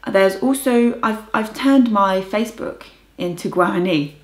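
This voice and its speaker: A young woman talks through her language learning in a chatty, enthusiastic way and tries out foreign words as she goes. Her voice sits at a middle pitch. The room gives it a noticeable echo. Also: unhurried. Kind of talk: casual vlog talk. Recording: roomy echo.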